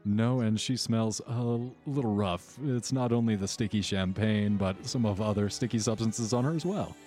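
A man running a tabletop game as game master, narrating scenes in a measured, descriptive way with slow dramatic pauses. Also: fairly low pitch, darkish tone, soft background music.

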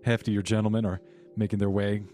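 A man with a low voice narrates a tabletop game as its game master, setting scenes at an even pace. Soft music plays behind him. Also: fairly quick.

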